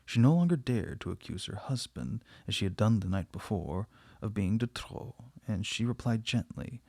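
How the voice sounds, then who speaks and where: A man reading a classic novel aloud in a measured, steady way. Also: on the low side, breathy edge, no echo, studio quality. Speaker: audiobook reader.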